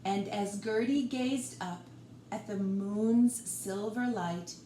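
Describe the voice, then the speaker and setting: A woman librarian reading a picture book aloud for storytime, expressive and gentle, talking directly to young listeners. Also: mid-range voice, slow, a little hiss or hum. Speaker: children's librarian. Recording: roomy room echo.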